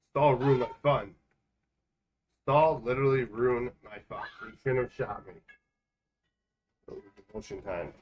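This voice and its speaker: A man's voice: mid-range voice, dull audio. A man chatting on a casual gaming livestream from his home, rambling between the game and his pets. His voice sits in an ordinary middle range, with a faint hiss of noise under it. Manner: chatty and rambling, quick jokes.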